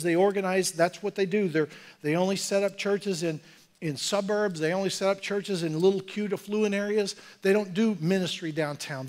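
A man preaching a sermon as pastor in a church, talking earnestly and conversationally, building to forceful exhortation. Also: high voice. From Oklahoma, USA. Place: church sanctuary.

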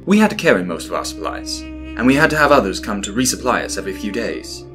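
A man's voice: on the low side, wildly swooping pitch, fast, music in the background. A man voicing a reflective archaeology professor recounting a past dig. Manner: reflective, storytelling. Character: middle-aged male archaeology professor.

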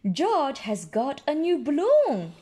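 A woman's voice: sits high, wildly swooping pitch, slow pace, dark tone, pitched above the performer's own voice, exaggerated voice. A woman voicing Peppa Pig, a bossy little girl pig explaining things to her younger brother.

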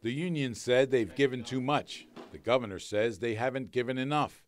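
A man reporting a broadcast news story in a measured, slightly wry delivery. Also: medium pitch.

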